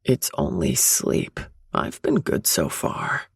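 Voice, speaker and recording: Woman doing a flirty confident guy from a romance audiobook, low and teasing, husky. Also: animated, normal speed, no room sound, clean studio sound, full character voice. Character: confident flirtatious adult man, calm and teasing.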